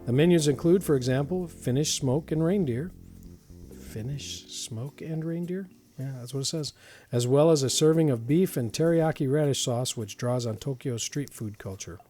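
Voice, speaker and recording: A man's voice: mid-range voice, moderate pace, dark tone, faint music behind. A man hosting an odd-news podcast, reading stories aloud and joking around, often laughing. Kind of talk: casual comedic chat.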